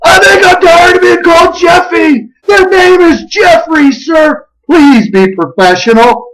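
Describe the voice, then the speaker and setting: A man putting on the voice of a stiff, humorless male project manager who loses his temper, shouting indignantly. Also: extremely high pitch, unhurried, crowd noise, pitched above the performer's own voice, poor audio. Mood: exploding indignantly.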